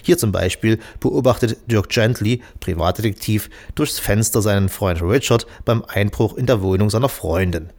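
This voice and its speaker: A man presenting a scripted book review in a dry, ironic, even manner. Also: fairly low pitch, moderate pace, hardly any pauses.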